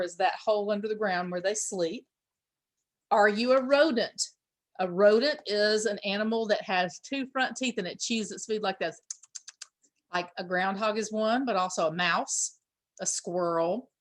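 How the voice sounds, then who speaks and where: A woman teacher reads a picture book to small children at an even middle pitch. She stops often to explain words and asks the children questions. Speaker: pre-K teacher. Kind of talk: reading a picture book aloud to young children.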